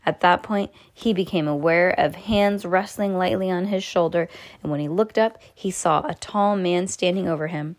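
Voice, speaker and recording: A woman reading a children's story aloud, expressive, with small slips and restarts. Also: fairly low pitch, moderate pace. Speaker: reader to a child.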